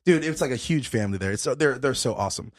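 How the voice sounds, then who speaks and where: Out of breath and swearing constantly, a young podcast host tells an animated story in casual conversation. His voice sits in the mid-range and he talks quickly.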